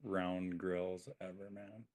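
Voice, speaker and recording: A man's voice: low-pitched, level tone, a little mellow. A man co-hosting a podcast, chatting casually and laughing often. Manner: drawls slowly, laughs often. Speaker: podcast co-host. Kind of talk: casual chat.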